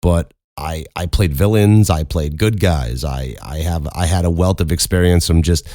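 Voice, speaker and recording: A man with a Chicago accent and a strikingly deep, low voice hosts a podcast. He talks candidly and casually and stumbles over restarts as he thinks aloud. The sound is dry and close-miked, with no room echo. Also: normal speed, mellow. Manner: candid, conversational, with frequent restarts. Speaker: podcast host and voice actor. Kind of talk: casual advice talk.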